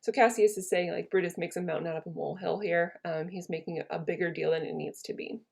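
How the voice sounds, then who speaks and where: A woman with a low, gravelly voice teaches a lesson in a relaxed, chatty way. She reads a classic play aloud and keeps retelling its old lines in everyday slang for her students. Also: fast. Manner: paraphrases old verse in casual modern slang.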